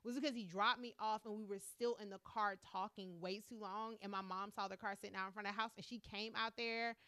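Woman, thirties, podcast co-host, casual chat, smooth clear voice, dry close sound. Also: medium pitch, fast talker, no echo. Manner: animated, laughs often.

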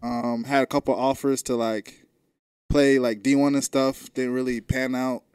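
A man on a casual podcast speaks in loose, rambling slang. His voice is smooth and resonant, with a dry, close sound. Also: medium pitch, flat delivery, a little slow, a little mellow, no echo. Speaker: podcast co-host.

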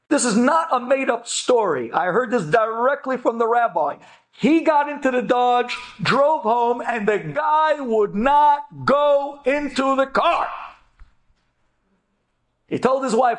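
A man's voice: extremely high pitch, takes it slowly. A man telling an inspirational story with animation, acting out each voice. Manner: animated, acts out every voice. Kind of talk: storytelling talk.

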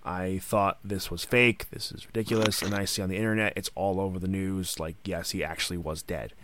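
A man's voice: low voice, steady tone, fairly quick, background noise. A man hosting a casual podcast chat, recounting wrestling history partly from notes. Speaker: podcast host.

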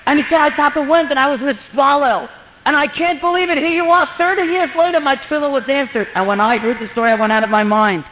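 A man with a strikingly high voice tells an inspirational religious story, lively and animated as he acts out the people in it. The sound is muffled, and it carries a long echo from a large hall. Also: fast. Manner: animated, acts out quoted voices with rising pitch. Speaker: storyteller, mohel. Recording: muffled lecture in a reverberant hall.

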